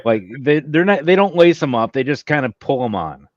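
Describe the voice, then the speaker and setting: A man's voice: medium pitch, lively intonation, a little fast, no room sound. Blunt, swearing trucker man. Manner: blunt, profane, matter-of-fact. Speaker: truck driver. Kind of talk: casual chat. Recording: dry lo-fi sound.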